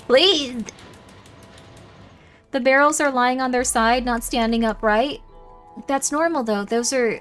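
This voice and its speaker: Young woman streamer chatting w her chat while she plays, kinda high voice, faint music under. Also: takes it slowly, pauses often, fairly bright tone. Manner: chatty, reacting aloud to chat and muttering to herself. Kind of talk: casual livestream chat while gaming.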